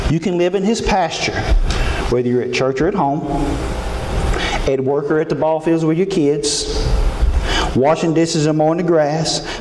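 A preacher with a high, bright-sounding voice talks in a folksy, animated way. He acts out little back-and-forth talks with God. His voice rings around an echoey church with clear room noise behind him. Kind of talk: sermon. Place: church sanctuary.

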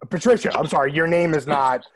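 A man's voice: a little high, brisk, a crowd in the background. A man hosting a video panel, upbeat and joking with guests. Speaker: host.

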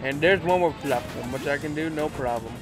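A teenage boy casually commenting on his video game play, goofy and excitable, swearing and breaking into silly shouts. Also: on the high side, brisk. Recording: loud game music under voice. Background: video game music.

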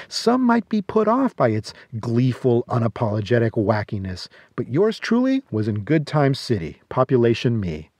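A man's voice: fairly high pitch, darkish tone, dry recording. Sardonic man reading film reviews. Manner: sardonic, jokey asides. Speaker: podcast host. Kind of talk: scripted film review monologue.

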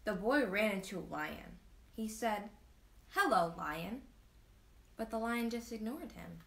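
A woman reading a children's storybook aloud to a live audience, expressive, with asides to her listeners. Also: mid-range voice, normal speed, vocal fry.

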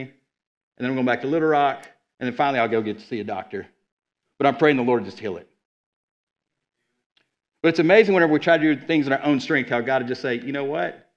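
A man preaching a sermon as a guest speaker, with energetic, conversational delivery and quick asides. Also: mid-range voice, lo-fi sound. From Arkansas. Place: church sanctuary.

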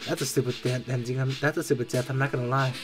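A reaction video creator gives casual commentary on a game's death scenes, excitable and jokey, exclaiming often and mimicking the characters. His mid-range voice moves fast, with faint music in the background.

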